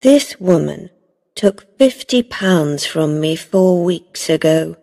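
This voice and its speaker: A shrewd, cunning woman from a graded storybook, read by a woman narrator, measured and knowing. Her voice sits low, slow and husky, with a long reverb. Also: lively intonation, mellow, full character voice. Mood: accusing.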